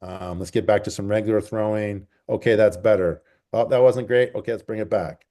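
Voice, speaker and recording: Laid-back low-voiced coach, mellow. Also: male voice, brisk. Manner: relaxed, rambling, repeats phrases for emphasis. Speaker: track and field coach. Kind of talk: conversational interview answers. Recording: call recording.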